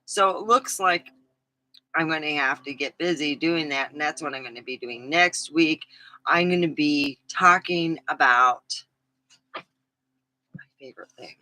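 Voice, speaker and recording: Slow-talking, bright-voiced middle-aged woman vlogger. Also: deep voice, rough recording. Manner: rambling, frank, swears freely, laughs at own stories. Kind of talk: casual chat to camera.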